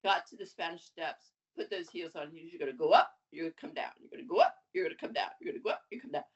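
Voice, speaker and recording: A woman in her seventies, a guest on an interview podcast, telling her story in a lively, animated way. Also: fairly low pitch, rapid-fire, gravelly. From USA. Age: 70s. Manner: lively, animated storytelling with laughs and acted quotes. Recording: dull lo-fi audio.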